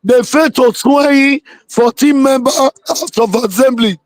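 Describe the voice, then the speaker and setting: A man's voice: very high voice, unhurried, no echo. A man, a political guest calling in to a live interview and speaking emphatically, repeating words for weight.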